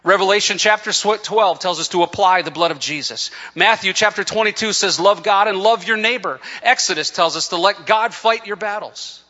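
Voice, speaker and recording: A man preaching an impassioned sermon, often stumbling and restarting as he builds to near-shouting. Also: high-pitched, normal speed, hardly any pauses, big-room sound, highs cut off. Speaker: pastor.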